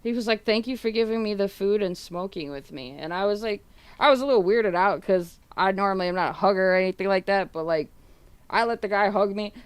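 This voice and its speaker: A woman's voice: mid-range voice, fairly quick, smooth, no echo. A woman streamer casually telling a rambling story to her viewers, full of fillers and casual swearing, acting out what others said. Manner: retells others' words in quoted dialogue.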